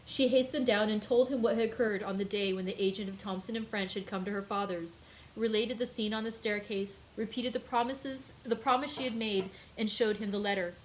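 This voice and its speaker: A woman librarian hosting a daily read-aloud, reading a classic novel in a clear, measured storytelling voice. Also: medium pitch, steady tone, a little hiss or hum, low-quality recording.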